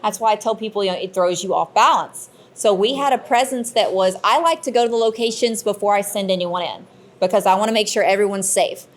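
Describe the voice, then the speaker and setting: Woman, panel storyteller, lively and expressive. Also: medium pitch, fairly quick. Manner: animated storyteller, acts out quotes. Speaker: paranormal investigator panelist. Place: convention panel room.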